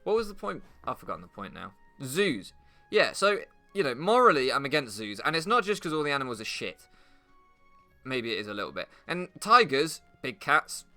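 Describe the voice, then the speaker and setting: British lets-play guy, young, crude sarcastic rambling, sharp bright tone, lively pitch, game music behind. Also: normal speed. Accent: British English. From England. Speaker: gaming commentator. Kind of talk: rambling commentary over gameplay.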